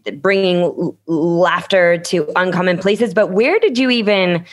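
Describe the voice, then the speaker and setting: A woman with a fairly low voice hosts an interview. She asks thoughtful questions, often starting over mid-sentence as she shapes them. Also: a little slow. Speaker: interview host.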